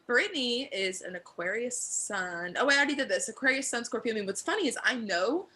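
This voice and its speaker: Casual woman podcast co-host, bright and lively delivery, chatty, acts out quotes. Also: a little high, brisk. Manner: chatty, quotes people in put-on voices. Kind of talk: casual recap chat.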